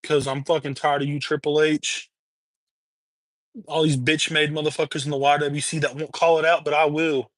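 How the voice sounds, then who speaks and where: A man's voice: fairly high pitch, flat delivery, moderate pace, no room sound. A man hosting a livestream, delivering a heated, profane, repetitive rant. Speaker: livestream host. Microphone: webcam or streaming mic.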